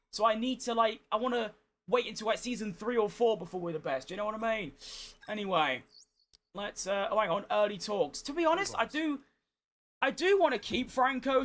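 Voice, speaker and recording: Streamer, man, high-pitched, croaky and worn out, chatty, swearing, exasperated. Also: a bit bright. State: hoarse, tired. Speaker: gaming streamer. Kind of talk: casual gameplay commentary.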